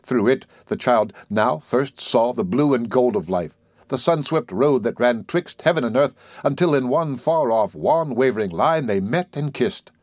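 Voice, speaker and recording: A man narrating literary prose in a measured, expressive reading that slows and quickens for effect. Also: mid-range voice, dry recording. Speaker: audiobook reader.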